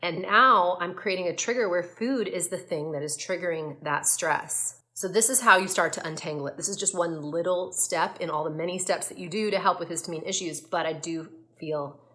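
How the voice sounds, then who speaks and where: A woman's voice: on the low side, moderate pace, hardly any pauses, sharp tone. A woman gut health coach talking to camera in a casual, earnest, reflective way, with frequent fillers and restarts.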